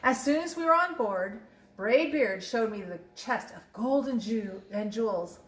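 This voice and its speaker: An older woman, a grandmother, reading a children's picture book aloud in a lively, expressive way with small slips. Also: a little high, a little slow. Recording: roomy echo.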